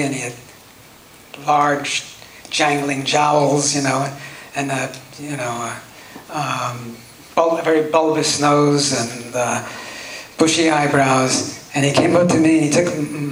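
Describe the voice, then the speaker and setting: A man at a convention panel telling dry, wry anecdotes to a live audience, with halting fillers. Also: a little high, fairly bright tone, a little hiss or hum. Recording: echoey hall, audience laughter.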